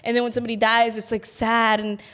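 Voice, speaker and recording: Animated, giggly woman podcast co-host. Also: on the high side, fast talker. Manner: animated, giggly, visual storyteller. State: pregnant. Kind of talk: casual chat.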